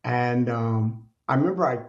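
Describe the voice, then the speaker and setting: A middle-aged man who is a podcast guest, telling his personal story in an earnest, colloquial and animated way. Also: medium pitch, moderate pace. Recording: dull lo-fi sound.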